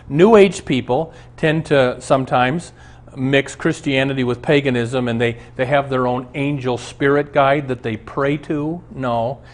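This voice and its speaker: A man's voice: medium pitch, fairly even intonation, unhurried. A man who is a pastor, teaching a Bible lesson on a show and telling stories from his own life in an earnest preaching manner.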